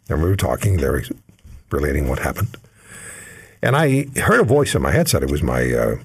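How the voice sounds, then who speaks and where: A man's voice: low voice, husky. An older man, hosting a radio talk show and telling a story in an easy conversational way with fillers.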